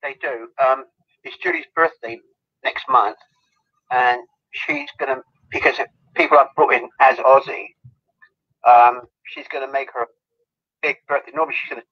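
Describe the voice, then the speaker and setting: Man guest, husky, lively pitch, chatty storyteller, dull call sound. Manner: rambling anecdotes, giggling. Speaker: guest, celebrity lookalike. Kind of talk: casual interview chat.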